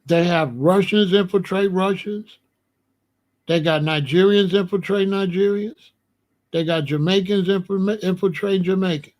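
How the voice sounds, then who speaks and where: A man hosts a casual live stream. His voice sits high for a man. He talks in an animated way, laughs between points and calls out viewers by name. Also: normal speed. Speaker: host of a live call-in show.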